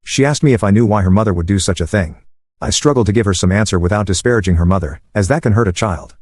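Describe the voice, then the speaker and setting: Man, storytime narrator, low pitch, steady reading, dry. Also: quick pace, breathy edge, no echo.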